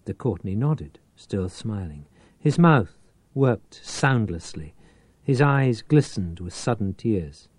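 A man reading a novel aloud as an audiobook narrator, with a measured, theatrical delivery. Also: on the low side, expressive, darkish tone, no echo.

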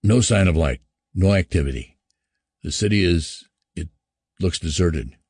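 A man's voice: deep voice, expressive, measured pace, darkish tone, slightly rough, no echo, studio quality, exaggerated voice. A man reading the lines of a nervous male astronaut who reports from the ground in gasps. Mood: shaken. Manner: anxious, gasping.

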